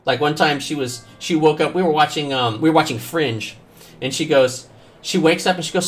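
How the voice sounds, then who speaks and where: A gaming streamer with a fairly high voice chats casually at a moderate pace while playing a video game. He tells joking, profane stories in an animated way as gameplay commentary. Faint game music plays in the background.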